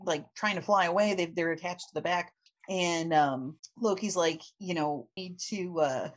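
A woman's voice: fairly low pitch, moderate pace. A woman casually recapping a comic book story with lots of fillers and laughter. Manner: chatty, laughing, many fillers. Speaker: podcast host.

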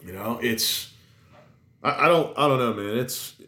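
A man's voice: mid-range voice, a little slow, pushed and bright. A man talks loosely and emphatically, stacking restarts and swearing as he rants. His voice sits in the middle range. The recording has a roomy echo. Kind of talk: casual chat.

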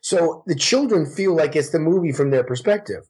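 A man in his forties, a guest actor, telling stories in casual podcast chat with a lively, profane manner. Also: fairly high pitch, moderate pace, husky. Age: 40s. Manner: profane, animated storytelling.

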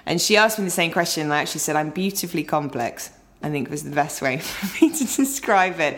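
A woman's voice: low-pitched, lively intonation, fast talker. A woman with an English accent, chatting as a podcast guest, laughing often and wandering into asides. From Britain. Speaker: interview guest. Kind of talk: casual podcast interview.

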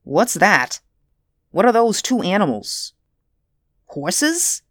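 A woman voicing a big, suspicious man in uniform who speaks crisply and demands answers. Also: medium pitch, very animated, slow, no room sound, clean studio sound, voice pushed up. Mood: demanding.

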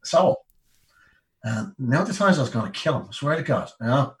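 An Irish man in his fifties, a guest telling a lively story in a casual way and acting out the people he quotes. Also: medium pitch, moderate pace, far from the mic, low-quality recording. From Ireland. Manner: lively anecdote-telling, acts out the people he quotes, many "you know"s.

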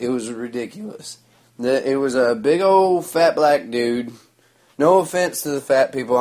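A man, telling a rambling story in a sarcastic, crude, mocking way. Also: medium pitch. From Oklahoma. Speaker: vlogger.

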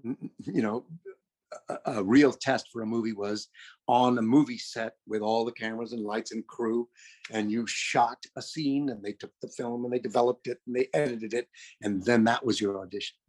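Husky older man telling a story. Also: mid-range voice, steady tone, moderate pace, darkish tone. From California, USA. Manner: rambling, self-correcting, chatty. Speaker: storyteller recounting his career. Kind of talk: anecdotal storytelling.

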